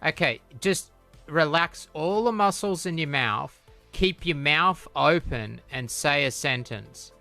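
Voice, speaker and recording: New Zealand man, stream host, teasing banter, clear bright tone, light music bed. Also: a little high, lively intonation, slow. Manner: joking, teasing, laughs often. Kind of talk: casual live-stream chat.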